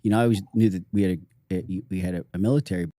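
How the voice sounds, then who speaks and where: Mellow-voiced podcast host, eager and chatty. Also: male voice, sits low, fairly even intonation, racing, no echo, studio quality. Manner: enthusiastic, talks over himself with restarts. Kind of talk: casual interview chat.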